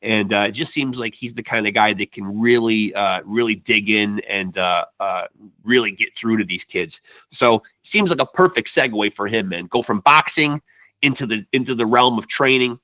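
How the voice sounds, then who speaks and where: A man's voice: on the low side, normal speed, sharp tone, no room sound. A man hosting a podcast in loose, profane casual chat, tacking "man" onto nearly every phrase. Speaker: podcast host.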